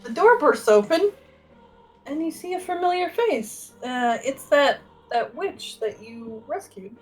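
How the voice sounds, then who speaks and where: A woman's voice: high voice, expressive, measured pace, a little mellow, soft background music. A woman narrating as game master of a tabletop game, casual and full of fillers.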